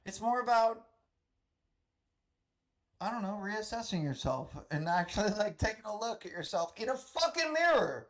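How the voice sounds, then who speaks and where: A man's voice: high voice, very animated, moderate pace, pauses often, fairly bright tone. A man, a guest on a live stream, talking in a rambling, emotional way with heavy swearing. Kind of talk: casual stream chat.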